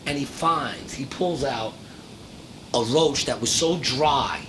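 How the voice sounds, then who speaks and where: A man hosting a casual podcast, telling a story in a profane, animated way and acting out the voices of the people in it. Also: slow, over a noisy crowd. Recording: noisy recording with low rumble.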